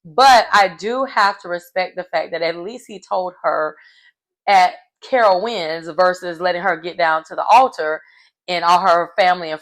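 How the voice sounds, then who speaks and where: An animated woman gossiping through a show recap. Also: fairly low pitch. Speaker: reality TV recap vlogger. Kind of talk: casual recap chat.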